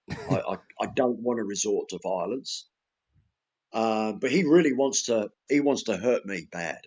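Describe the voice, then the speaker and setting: A man's voice: mid-range voice, muffled recording. An Englishman telling a story in casual podcast chat, blunt and sweary, acting out the exchanges he quotes. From England. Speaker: podcast guest.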